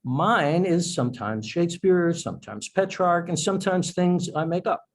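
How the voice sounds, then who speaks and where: A man's voice: sits high, lively intonation, normal speed, slight background noise, poor audio. A man, an author, speaking as a guest in a podcast interview, explaining in a thoughtful, self-correcting way.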